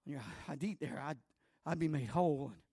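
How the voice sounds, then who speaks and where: A male preacher voicing a long-sick woman who rushes through a hushed, confiding account of her healing. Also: sits high, no echo, studio quality. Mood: earnest. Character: sick woman pleading her healing story, middle-aged.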